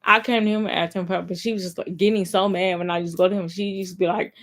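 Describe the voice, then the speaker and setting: A young woman chats straight to her camera in a loose, rambling story-time vlog. Her voice sits a little low, and she leans on emphatic repeats and filler words as she tells it. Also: fairly even intonation, fast talker, hardly any pauses. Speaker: vlogger.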